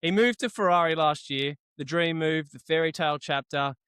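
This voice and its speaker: Male podcast host, loud and playful, with a clear, fairly high voice. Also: moderate pace, dry recording, studio quality. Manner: playful, loud, swears freely. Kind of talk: casual podcast banter.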